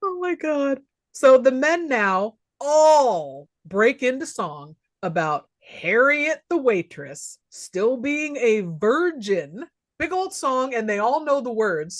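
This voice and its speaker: A woman's voice: high-pitched, very animated, slow pace. A woman co-hosting a podcast, recapping a film in casual chat and laughing often as she goes. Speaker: podcast co-host.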